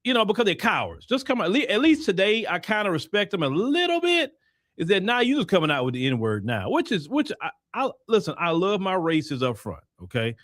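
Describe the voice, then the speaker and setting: A man's voice: high-pitched, sing-song, fairly quick, fairly bright tone, no echo, clean studio sound. Emphatic Texan man hosting commentary. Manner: emphatic, preachy, mocking quoted voices. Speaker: host. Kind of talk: commentary monologue.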